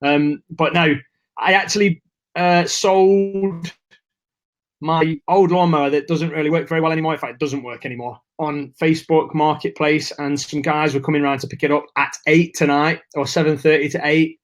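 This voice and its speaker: A man's voice: a little high, steady tone, normal speed. A man hosting a live webinar, chatting casually and greeting viewers by name, a bit nervous. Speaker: webinar host.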